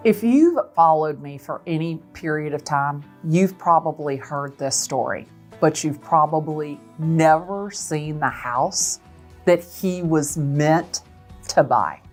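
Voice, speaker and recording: A woman who sells real estate, telling a dramatic story in an expressive way. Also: deep voice, slow, soft background music. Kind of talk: animated storytelling.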